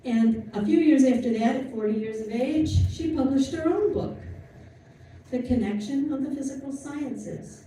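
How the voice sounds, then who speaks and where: A woman's voice: high voice, normal speed, dark tone. A woman giving an informal history talk to an audience, chatty and storytelling, with asides and fillers. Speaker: lecturer. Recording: distant mic in an echoey room with faint noise.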